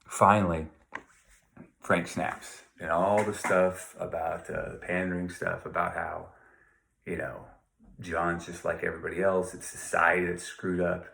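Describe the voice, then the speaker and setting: A man's voice: low-pitched, flat delivery, unhurried, gravelly, a bit bright, slight background noise. A man teaching a literature lesson to his class, talking in a loose, conversational way, wandering off on asides and reading passages aloud. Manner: conversational, digressive, reads quotes aloud. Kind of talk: recorded literature lecture.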